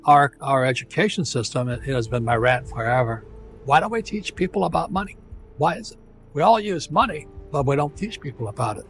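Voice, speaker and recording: An American man in his seventies speaks as an interview guest in a somewhat high voice. He rants emphatically, repeating phrases and restarting sentences. Soft music plays faintly behind him. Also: expressive, fairly quick. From United States. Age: 70s. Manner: emphatic, repetitive ranting with restarts.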